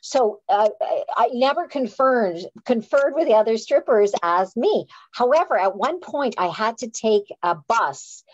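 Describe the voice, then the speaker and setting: A woman's voice: fairly high pitch, unhurried, few pauses, slight background noise. A woman who is an author and playwright, telling a story casually with lots of restarts. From Canada. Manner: animated, self-deprecating, frequent restarts. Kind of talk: casual storytelling on a live chat. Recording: dull, dry sound.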